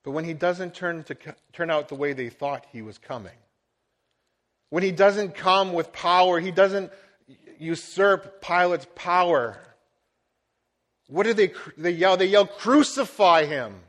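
A man's voice: sits high, a little slow, fairly bright tone. A middle-aged man preaching a sermon as a pastor, earnest and building to emphatic swells.

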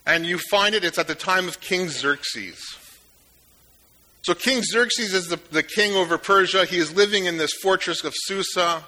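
A man preaching a sermon in a relaxed, conversational way, retelling a story with joking asides. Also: high-pitched, moderate pace. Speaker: pastor.

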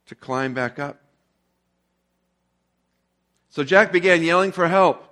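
A male pastor preaching a sermon in a relaxed, conversational storytelling way. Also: fairly high pitch.

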